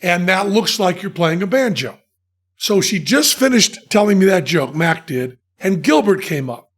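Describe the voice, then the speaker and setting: A man's voice: high-pitched, moderate pace, slightly rough. A man hosting a podcast who tells a comic anecdote and laughs in the middle of his sentences. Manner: animated storyteller who laughs mid-sentence. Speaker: podcast host. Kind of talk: comic storytelling chat.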